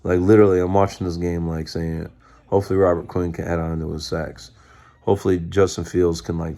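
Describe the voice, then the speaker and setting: Low-voiced man on a profane sports rant. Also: warm tone. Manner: profane, fired-up ranting; mocks others with put-on quotes. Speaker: sports fan commentator. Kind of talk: ranting fan commentary.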